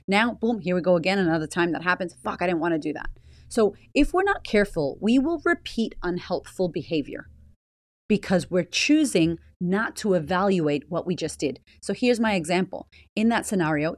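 A woman's voice: on the low side, dry recording, studio quality. A woman hosting a motivational podcast, blunt, swearing freely and firing rhetorical questions at the listener. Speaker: podcast host.

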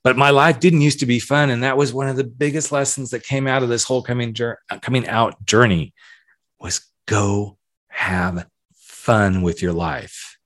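A man's voice: mid-range voice, fairly even intonation, moderate pace, a bit bright, dry recording, studio quality. A man in his fifties with a light Southern accent, hosting a podcast in a candid, reflective monologue with emphatic repetitions. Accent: Southern American. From southern United States. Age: 50s. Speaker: podcast host.

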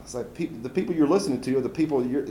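A man's voice: mid-range voice, very fast, warm tone, roomy sound, slight background noise, poor audio. A man with a Southern US accent, a labor organizer answering audience questions in a folksy, conversational way with many fillers and restarts. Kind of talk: casual public Q&A talk.

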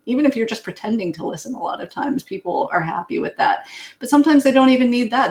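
A woman co-hosting a casual podcast, speaking candidly and self-deprecatingly about avoiding social plans. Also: mid-range voice. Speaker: podcast co-host.

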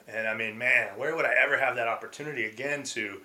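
A middle-aged man, a former pro baseball player, telling stories as a podcast guest, animated and acting out quotes with frequent restarts. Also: mid-range voice, fast. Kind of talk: casual storytelling interview.

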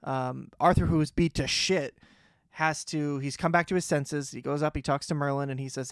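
Man, podcast co-host, casual joking recap, slightly high voice, dry close sound. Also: steady tone, moderate pace, no echo. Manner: joking, acts out characters' lines.

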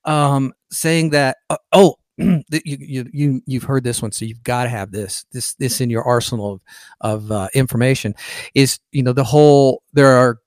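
A man's voice: mid-range voice, fairly even intonation, moderate pace, a little mellow, no room sound, studio quality. A man hosting a podcast, talking in a sarcastic, indignant monologue, full of restarts, while sick in bed. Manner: indignant, sarcastic, mocks opponents in quoted voices. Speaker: podcast host. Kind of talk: casual political monologue.

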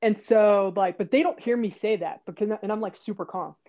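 A woman's voice: fairly quick, muffled recording. A woman telling a story in casual chat, acting out what people said with big jumps in her voice. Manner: animated, acts out quotes with jumps in pitch. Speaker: guest.

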